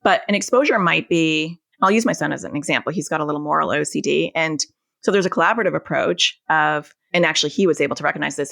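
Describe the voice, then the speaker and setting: Woman therapist guest, low voice with a gravelly edge, explains patiently through family examples, dry close sound. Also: fast, fairly bright tone, no echo. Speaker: anxiety and OCD therapist, guest. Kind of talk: podcast interview, explaining.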